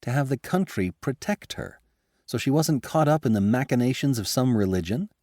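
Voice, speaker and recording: Expressive male narrator, animated delivery, dry close-miked read. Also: medium pitch, moderate pace, no room sound. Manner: lively, expressive first-person storytelling. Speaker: audiobook narrator. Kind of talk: scripted audiobook narration.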